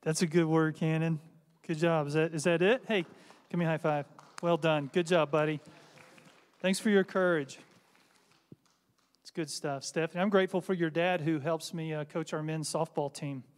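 A pastor in a church sanctuary leads a sharing time in short, friendly, encouraging remarks. His voice sits fairly high for a man. A long church reverb hangs behind every phrase. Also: steady tone, normal speed, clear, resonant tone. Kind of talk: casual, encouraging hosting in a church service.

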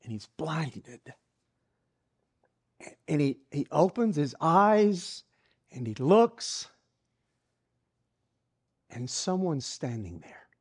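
A preacher delivering a sermon at a slow, deliberate pace. The voice rises and falls widely, swinging from emphatic lines to hushed near-whispers while the story is built up scene by scene, with words often repeated. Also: medium pitch, big pitch swings, breathy edge. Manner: dramatic retelling of a story, dropping to hushed whispers.

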